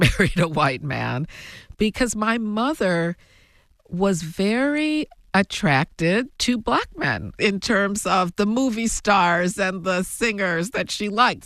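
A woman telling her family story as an interview guest, reflective and given to soft laughs. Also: medium pitch, dry recording, studio quality. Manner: slow, reflective, laughs softly between thoughts. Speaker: guest, author.

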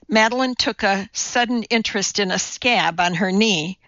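A woman narrating an audiobook in a measured, expressive reading voice. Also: medium pitch, no echo. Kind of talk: scripted narration. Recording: dry, slightly dull studio recording.

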